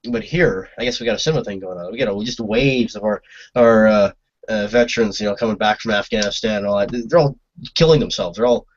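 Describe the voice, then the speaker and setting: A man's voice: fairly low pitch, quick pace, muffled recording, a little hiss or hum. A man from Canada co-hosting a casual talk show, speaking in a rambling way with repeated words. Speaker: co-host. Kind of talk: casual opinion chat.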